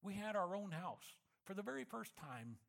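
A man speaking to his church, telling a personal story in a reflective manner that slows and softens for emphasis. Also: high-pitched, very animated, vocal fry. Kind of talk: storytelling sermon.

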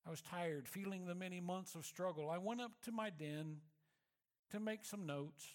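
A man speaking to his church, telling a personal story in a reflective manner that slows and softens for emphasis. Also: sits high. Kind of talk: storytelling sermon.

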